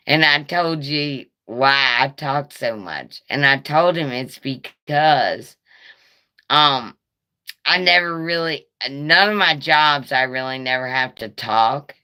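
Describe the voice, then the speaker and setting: On a casual live stream, a woman chats in a low, raspy voice that sounds like a chain smoker's, pushed and bright in tone. She rambles nervously and swears freely.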